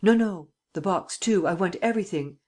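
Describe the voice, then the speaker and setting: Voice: mid-range voice, moderate pace, a little mellow, pitched above the performer's own voice, close to an everyday voice. An audiobook reader voicing a wealthy captive man who answers in terse, evasive replies. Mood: guarded. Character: wealthy man held captive, guarded and curt. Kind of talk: audiobook character reading.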